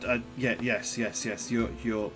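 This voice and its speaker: A man's voice: medium pitch, level tone, normal speed, over music, pitched below the performer's own voice, natural voice. A man voicing Sir Rowan, an honest, nervous young templar knight who stammers and apologizes in a tabletop game. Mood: flustered.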